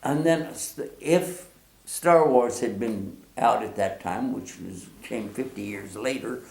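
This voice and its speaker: A man in his sixties from the United States, telling a personal story in a casual, animated way, chuckling often and acting out remembered voices. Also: mid-range voice, takes it slowly, gravelly. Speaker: storyteller guest. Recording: roomy echo.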